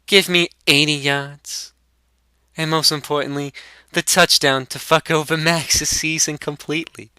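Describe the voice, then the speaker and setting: A man doing a cocky young stoner who drawls out crude trash talk, high and slow. The tone is piercingly bright and smooth. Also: fairly even intonation, no room sound. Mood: smug.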